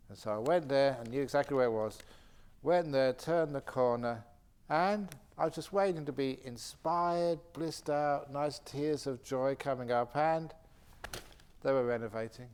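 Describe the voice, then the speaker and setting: Male Buddhist teacher, retreat Q&A, chatty anecdotal delivery, average pitch. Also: moderate pace, clean tone. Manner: animated anecdotal storytelling with frequent laughter. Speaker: Buddhist monk and meditation teacher. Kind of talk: retreat question-and-answer talk. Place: meditation retreat centre hall.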